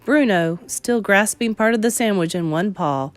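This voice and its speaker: A woman narrating a children's novel read-aloud in an expressive storytelling manner. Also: medium pitch, normal speed, soft background music.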